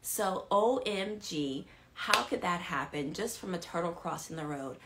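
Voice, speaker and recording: A woman leading a live-stream devotional, telling a story to her viewers, animated and repeating key lines for emphasis. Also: on the low side, a little slow, background noise. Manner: talks straight to viewers, asks if they follow. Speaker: women's ministry leader.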